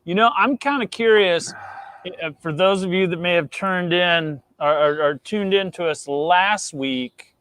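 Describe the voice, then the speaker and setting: A man's voice: high voice, a little slow, a bit bright, clear, resonant tone, no echo. A man co-hosting a casual fan show, teasing the others and joking through a trivia game. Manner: playful, teasing. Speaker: co-host. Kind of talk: casual banter.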